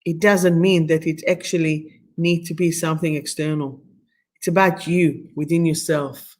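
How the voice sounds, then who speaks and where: A woman's voice: deep voice, fairly even intonation, normal speed. A middle-aged woman from Israel, guest-hosting a live stream where she leads a meditation and reads oracle cards in a soothing, affirming way with slightly phrasing. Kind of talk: live-streamed guided meditation and card reading.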